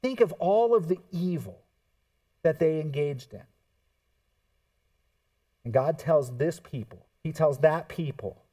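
Male pastor, sermon delivery, mellow tone, slightly high voice, heard from off the mic, moves between quiet and forceful, acts out quotes. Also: takes it slowly, pauses often, distant mic. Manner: expressive preaching, swings from hushed to emphatic, acts out quotes.

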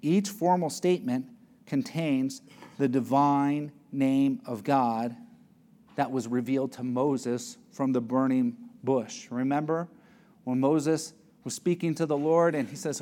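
A man's voice: steady tone, slow. A man preaching a sermon, reading verses and explaining them with emphatic stress. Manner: emphatic, varies pitch and loudness for stress.

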